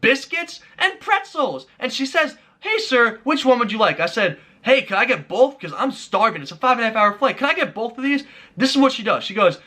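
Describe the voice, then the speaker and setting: A man's voice: very high voice, lively intonation, pushed and bright. A young man telling a frustrated travel story in a vlog, ranting and acting out the exchanges. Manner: exasperated, fast ranting, acts out quoted exchanges. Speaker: vlogger.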